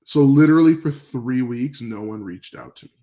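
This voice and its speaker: A man from Canada tells stories on a podcast, a bit gravelly, at a middling pitch. He rambles in a relaxed way with plenty of fillers and restarts, and he acts out old phone calls as he goes. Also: normal speed, lo-fi sound. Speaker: podcast guest. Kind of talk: casual storytelling interview.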